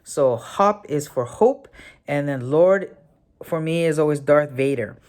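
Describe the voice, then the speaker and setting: Talk as a woman with a very deep voice giving a casual spoken tutorial, thinking aloud with lots of fillers and correcting yourself as you go. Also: lively intonation, measured pace, a little mellow. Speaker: memory technique tutor.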